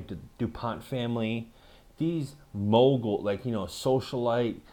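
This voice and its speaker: A man tells a story in a loose, casual vlog. His voice sits a little low, and he rambles, swears freely and keeps poking fun at himself. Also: a little mellow. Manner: rambling, profane, self-mocking storytelling.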